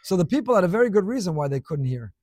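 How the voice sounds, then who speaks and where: A man's voice: high voice, sing-song, rapid-fire, a little mellow, no echo, studio quality. A man giving a Torah class, teaching expressively with rhetorical questions and scattered Hebrew and Yiddish terms.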